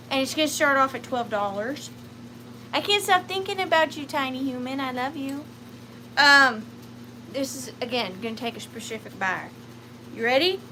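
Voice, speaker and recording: A woman in her thirties with a Southern US accent, hosting a live vintage sale in a chatty, upbeat way with high squeals. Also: pushed and bright, slight background noise, poor audio. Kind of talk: casual live-stream selling chat.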